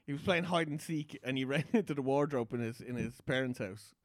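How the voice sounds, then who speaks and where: A man's voice: mid-range voice, brisk, dry recording. A man co-hosting a podcast in casual banter, telling a crude anecdote and laughing as he goes. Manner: animated, laughs mid-sentence, crude humor. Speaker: podcast co-host.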